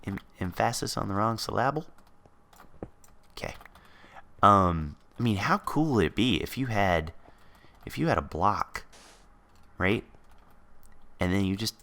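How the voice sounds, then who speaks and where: A man's voice: lowish voice, a bit bright. A man hosting a let's play, chatting casually and thinking aloud as he builds. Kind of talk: casual gameplay commentary.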